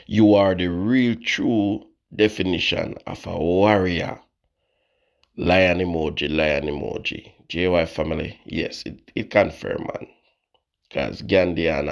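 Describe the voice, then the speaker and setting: A man's voice: low voice, slow pace, vocal fry. A Jamaican man hosting his channel, talking casually and sleepily in patois-laced speech. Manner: laid-back patois-laced talk. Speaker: channel host. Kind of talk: casual news commentary.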